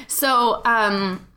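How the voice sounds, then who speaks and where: A woman in her thirties, a podcast host, telling a long story in a chatty, animated way, full of "like" fillers. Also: fairly high pitch. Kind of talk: casual storytelling chat.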